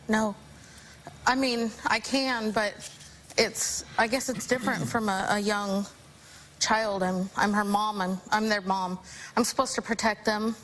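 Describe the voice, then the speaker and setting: A young woman, a talk show guest, speaking haltingly and remorsefully with many restarts. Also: mid-range voice, fairly even intonation, fairly bright tone, slight background noise, poor audio.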